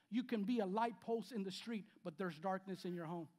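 A pastor in his fifties preaches with a high voice for a man. He swings between loud, emphatic lines and quiet asides, and he repeats key phrases as he goes. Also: brisk, few pauses. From Spanish-speaking background. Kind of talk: sermon. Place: church sanctuary.

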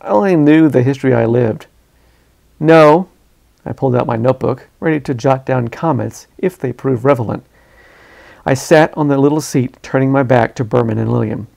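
A man reading his own hardboiled detective novel in a measured, first-person narration. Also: mid-range voice, creaky, a little mellow.

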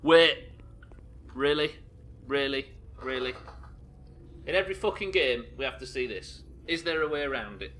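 A man from the UK streaming a game live, swearing often and reacting loudly between muttered asides. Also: mid-range voice, animated, brisk, slight background noise. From United Kingdom. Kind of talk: live gameplay commentary.

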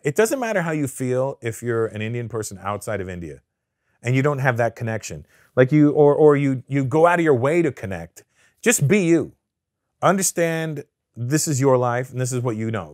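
A middle-aged Canadian comedian, a guest in a casual interview, tells animated, profane stories packed with quoted voices. His pitch is medium, and the studio-quality recording has no room sound.

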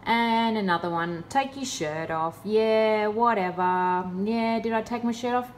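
A woman's voice: a little high, expressive, measured pace, hardly any pauses, slight background noise. A woman in a casual vlog, talking in a sarcastic, exasperated way. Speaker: vlogger.

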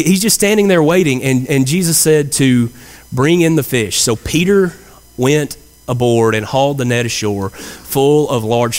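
A man preaching a sermon in a church, earnest and conversational, with frequent fillers and restarts. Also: mid-range voice. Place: church sanctuary. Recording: church hall reverb.

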